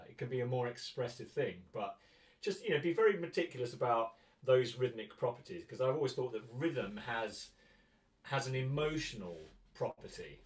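A man's voice: mid-range voice, expressive, a little fast. A man teaching a guitar masterclass in a chatty way, often counting and singing rhythms aloud. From England. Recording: roomy sound, mic at a distance.

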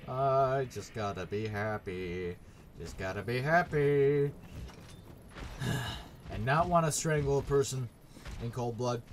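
A man's voice: medium pitch, fairly bright tone, a little hiss or hum. A young man commentating his own gameplay, swearing and sarcastic as he rants at enemies. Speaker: gaming YouTuber.

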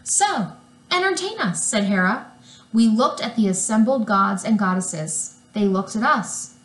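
Slow-reading woman in a roomy space. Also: mid-range voice. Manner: unhurried, lively storytelling. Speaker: reader. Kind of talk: children's book read-aloud.

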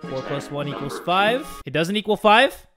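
A man doing excitable, swear-filled gameplay commentary as a gaming YouTuber. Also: fairly high pitch, normal speed. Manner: excitable, swears, yelps and shouts when startled. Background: game music.

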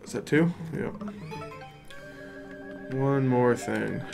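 A man's voice: mid-range voice, drawn-out words, creaky, over music. A man casually thinking aloud and joking while playing a video game. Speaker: let's play host. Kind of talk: casual gameplay commentary.

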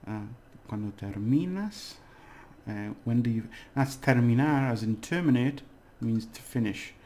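A man's voice: medium pitch, animated, a little slow, mellow. A man teaching a casual video lesson, rambling and hesitant, with fillers and small jokes. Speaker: language teacher.

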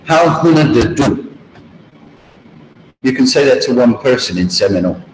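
A man teaching a language lesson, explaining grammar slowly and repeating example phrases. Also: mid-range voice, animated, slight background noise. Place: school room or video call. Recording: roomy hall with faint ambience.

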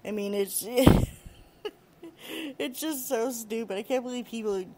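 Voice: mid-range voice, a little slow, darkish tone, slight background noise. A show host giving a casual opinion rant, laughing often and using many fillers, with short mocking put-on voices.

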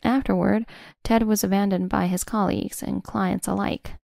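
A woman in scripted first-person narration of a revenge story, smug and measured. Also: medium pitch, fairly even intonation, vocal fry, warm tone, no echo, studio quality.

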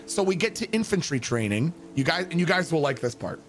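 A man telling an animated anecdote in a profane, emphatic way, acting out the quotes. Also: on the high side, fairly quick, faint music behind. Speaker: roleplay streamer.

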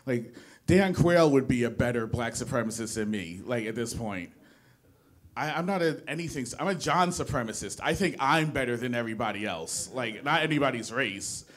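Lively intonation marks this young man's mid-range voice, delivered at normal speed. Performing stand-up to a live audience in a small studio, the New Jersey comedian rambles, pokes fun at himself, and often stops and restarts his sentences.

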